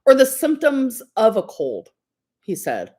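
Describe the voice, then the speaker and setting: A woman's voice: on the high side, huge pitch swings, measured pace, dark tone. A young woman chatting casually on a livestream, rambling and giggling, full of "like" and "um".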